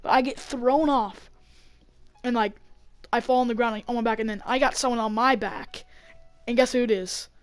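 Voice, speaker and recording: Rambling high-voiced woman telling a story. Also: moderate pace, pauses often, faint music behind. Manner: rambling, heavy on fillers, gets excited acting out the fight. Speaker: vlogger. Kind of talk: storytime vlog. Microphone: desk mic.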